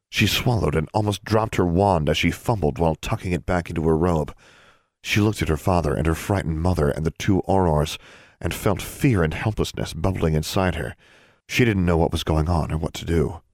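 This is a low-voiced man narrating an audiobook with calm, measured storytelling. The studio-quality audio carries no room sound.

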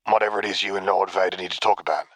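A man reading the part of a male clone commander, dry and unapologetic, speaking slowly and deadpan. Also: low voice, no room sound.

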